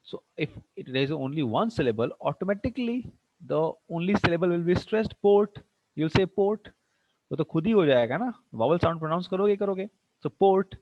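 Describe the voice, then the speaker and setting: A man's voice: a little high, expressive, very fast, no echo. A man teaching a class, repeating points and often asking whether students are following. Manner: keeps checking understanding with questions; repeats and restarts to stress a point. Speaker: English teacher. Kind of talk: classroom lecture on word stress. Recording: dull dry lo-fi recording.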